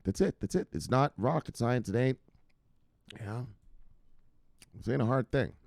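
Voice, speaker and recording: A man's voice: mid-range voice, unhurried, gravelly, darkish tone, dry recording, studio quality. A man hosting a crypto news show, giving hyped and profane casual market commentary straight to his viewers.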